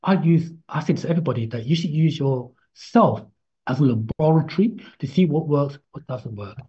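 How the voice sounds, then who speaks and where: A man teaching a casual spoken lesson, slow and halting, repeating himself as he explains and chanting drawn-out syllables to show them. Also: a little high, animated, mellow, breathy edge. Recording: dull lo-fi recording.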